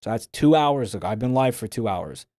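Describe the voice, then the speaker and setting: A man's voice: medium pitch, expressive, brisk, dark tone, dry recording, clean studio sound. A man streaming live, chatting casually and riffing with profane jokes.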